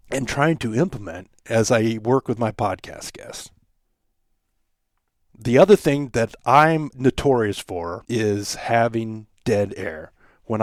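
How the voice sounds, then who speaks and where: In a solo episode of his own podcast, a middle-aged man talks through lessons in a reflective, conversational manner, acting out examples he quotes. His voice sits in the mid-range, and the recording is dry and studio-quality.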